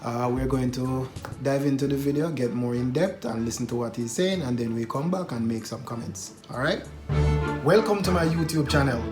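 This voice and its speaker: A man's voice: mid-range voice, music in the background. Man commenting in a roomy space. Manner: measured, rhetorical questions. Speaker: YouTube news commentator.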